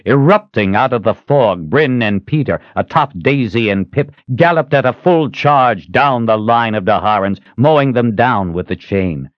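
A man's voice: medium pitch, lively intonation, measured pace, few pauses, dry recording. A man reading a fantasy audiobook as narrator, dramatic and shifting his pace. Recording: slightly muffled dry recording.

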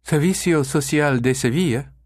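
Male narrator as a polite female receptionist, slow and careful, pitched up. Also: darkish tone, dry recording, clean studio sound, lightly acted. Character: pleasant young woman receptionist.

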